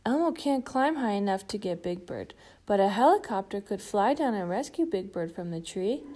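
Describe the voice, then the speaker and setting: Small sweet furry monster kid, a woman putting him on, third-person speech, storybook voice, mellow. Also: mid-range voice, expressive, normal speed, lightly acted. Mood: helpful. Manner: speaks of himself in the third person.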